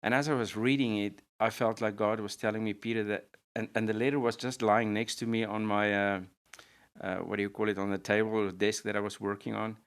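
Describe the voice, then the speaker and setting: A man with a low, smooth voice shares an earnest personal testimony. He speaks in an even, flat tone and often restarts his sentences. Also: fairly quick. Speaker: pastor and guest.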